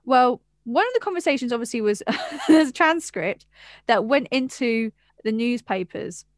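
Podcast co-host, woman from England, high-ish voice, dry studio sound, lively gossip storyteller. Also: moderate pace, no echo. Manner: animated, swearing, laughing storyteller. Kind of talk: casual chat.

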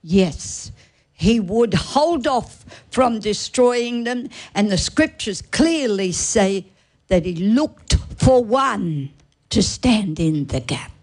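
A woman pastor speaking emphatically and with excitement in a Christian talk show discussion. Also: mid-range voice, takes it slowly.

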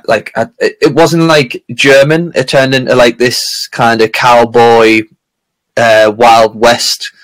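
A man chatting casually on a podcast, rambling through stories with frequent laughter and restarts. His voice sits at an ordinary middle pitch. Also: fairly bright tone, low-quality recording. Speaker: podcast co-host. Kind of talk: casual chat.

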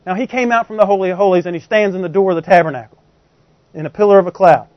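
A man preaches conversationally in a high voice at a rapid-fire pace, constantly posing rhetorical questions to the congregation. The recording is dull, dry and lo-fi, with no echo.

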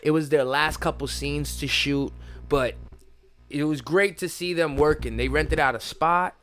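A man co-hosting a casual podcast, telling stories loudly with frequent laughing outbursts. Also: a little high, measured pace, faint music behind. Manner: loud, laughing, animated storytelling with shouted outbursts. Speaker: podcast co-host. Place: studio room.

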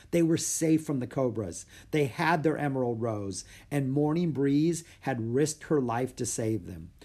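A man reading a children's adventure book aloud, measured and slowing for suspense. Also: medium pitch. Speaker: audiobook reader. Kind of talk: scripted narration.

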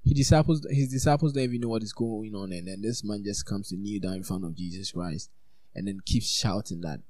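A man preaching an informal sermon in a lowish, mellow voice. He talks in an animated, chatty way, full of "like" and "you know". The sound is dry and close. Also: brisk, dry recording. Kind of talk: conversational sermon.

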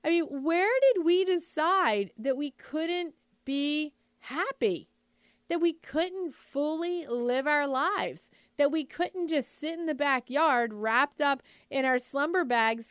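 A woman's voice: sits high, slow pace, a bit bright, no echo, studio quality. A woman giving a casual, upbeat motivational talk to moms, chatty and full of "like" and "you know", often asking the listener rhetorical questions. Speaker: lifestyle speaker addressing moms.

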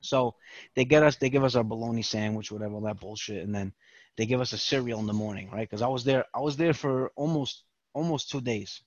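This man speaks in a mid-range voice at a fairly quick pace, spinning a lengthy, foul-mouthed tale as a podcast guest in relaxed chat. He animatedly performs the quoted voices of the story's characters, captured in a dry, dull-sounding recording.

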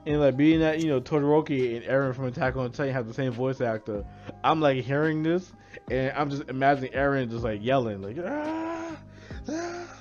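A man's voice: mid-range voice, brisk, a little mellow, muffled recording, soft background music. A man co-hosting a casual podcast about anime, laughing often and acting out the characters he quotes. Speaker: podcast co-host.

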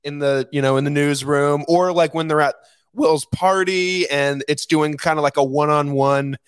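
A man's voice: fairly high pitch, moderate pace, clean tone, dry recording. A man co-hosting a podcast, talking casually and enthusiastically about a favorite comedy. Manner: relaxed, enthusiastic, with laughs. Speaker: podcast co-host. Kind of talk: casual movie review chat.

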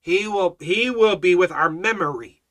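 An earnest man leading a Bible study, mixing scripture with personal testimony. His voice sits a little high and sounds bright and forceful, and he stammers into repeated words when emotion rises. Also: normal speed. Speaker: Bible teacher and street evangelist.

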